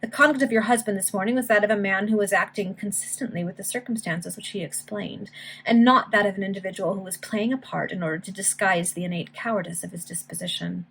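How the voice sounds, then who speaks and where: A woman reading the part of an earnest young guardsman officer, serious and firm, with a slightly husky voice. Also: mid-range voice, fast talker, a bit bright.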